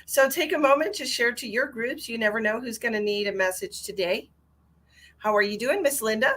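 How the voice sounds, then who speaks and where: A woman hosting a live stream as a psychic medium, chatting casually and greeting viewers by name with endearments, swinging between bright exclamations and low asides. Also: fairly quick.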